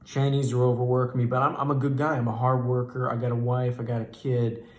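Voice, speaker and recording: A man's voice: mid-range voice, little pitch movement, fast talker, close to an everyday voice. Odd, insistent driver applicant, as a man puts him on; eager, overexplaining, roomy echo.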